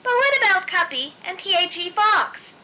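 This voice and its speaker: Lady putting on a squeaky eager little girl rabbit, bright and bouncy, storybook style. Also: moderate pace, exaggerated voice. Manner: excited, high-pitched exclamations. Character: lively young girl rabbit, eager and skeptical.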